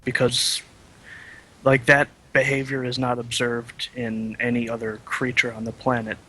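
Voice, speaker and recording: Male caller, mid-pitched, hesitant and rambling, full of fillers. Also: level tone, a little slow, pushed and bright, poor audio. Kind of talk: call-in question.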